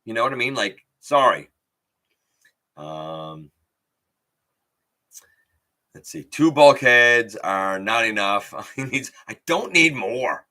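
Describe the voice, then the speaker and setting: A man's voice: mid-range voice, expressive, takes it slowly, pauses often, sharp tone. A man hosting a casual live stream, talking bluntly and thinking aloud with fillers as he gives his opinions. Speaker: toy review channel host.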